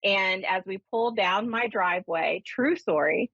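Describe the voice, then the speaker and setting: Woman host for a call-in medium show, animated, dry and a bit lo-fi. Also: mid-range voice, a little slow, husky, no echo. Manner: animated, acts out voices when retelling. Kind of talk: casual on-air storytelling and readings. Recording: slightly dull lo-fi radio sound.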